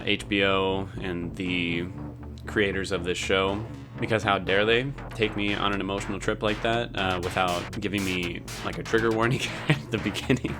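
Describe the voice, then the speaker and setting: A man hosting a casual reaction and review video, emotional and rambling, swearing now and then. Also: low-pitched. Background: show audio playing.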